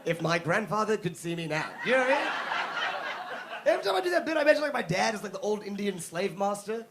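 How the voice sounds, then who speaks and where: A young man from South Africa performing a stand-up comedy set on a club stage, telling stories with animated mock voices. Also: high voice, quick pace, noisy background. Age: young adult.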